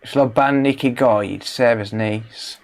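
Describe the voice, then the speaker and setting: Man, mid pitch, casual livestream banter, joking, swears freely. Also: unhurried. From English Midlands. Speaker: electronics repair livestreamer. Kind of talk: casual livestream chat while working.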